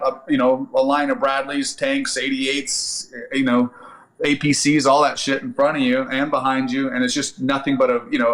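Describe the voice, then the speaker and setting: A middle-aged man spins an Army story on a podcast. His voice sits in an ordinary middle register. He swears freely and jumps into loud, shouted impressions of the people in the story. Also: medium pitch. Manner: animated, profane, acts out yelling quotes. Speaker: podcast guest, Army veteran. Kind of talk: casual storytelling.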